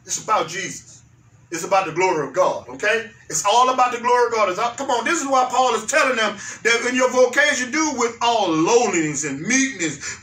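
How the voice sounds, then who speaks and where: A male pastor preaches with a very high, piercing voice. He repeats his phrases and climbs into fervent shouts. He is heard from a distance in an echoey church. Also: animated, fairly quick. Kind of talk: sermon. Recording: echoey room, mic far off.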